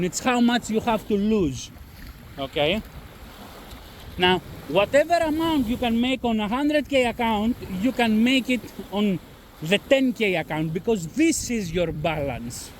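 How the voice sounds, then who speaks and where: A man's voice: high-pitched, expressive, unhurried. A man with a non-native accent talking bluntly about trading risk, repeating himself and swearing, with faint wind noise behind. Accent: non-native English. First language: not English. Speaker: trading channel host. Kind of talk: casual talk to camera-less audience.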